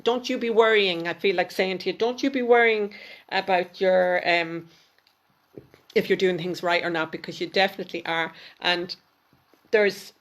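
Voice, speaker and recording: A woman, a spiritual mentor, giving intuitive card readings on a live stream and speaking fondly to each viewer by name. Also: fairly low pitch. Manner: warm, affectionate, speaks directly to viewers by name. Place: home, at a table with cards.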